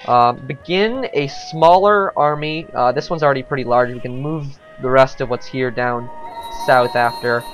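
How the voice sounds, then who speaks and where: A man's voice: mid-range voice, moderate pace, faint music behind. A man giving casual let's-play commentary on a strategy game, thinking aloud with frequent hesitations.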